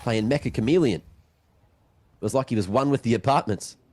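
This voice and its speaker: A young man casting a game play by play, excitable, with banter between calls. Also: medium pitch, brisk. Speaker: esports caster. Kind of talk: play-by-play commentary.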